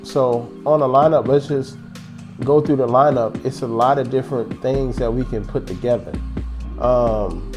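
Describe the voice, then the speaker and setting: A man's voice: medium pitch, normal speed, music in the background. A man hosting a casual basketball fan show, rambling and joking as he goes. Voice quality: animated, rambling, joking banter. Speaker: sports vlog host.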